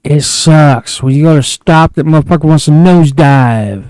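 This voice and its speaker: A man's voice: fairly high pitch, moderate pace, a little mellow, clear, resonant tone, no room sound, low-quality recording. A man streaming a flight game, grumbling and cursing in frustration as he plays. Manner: frustrated, profane, grumbling to himself. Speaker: gaming streamer. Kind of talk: casual gameplay commentary.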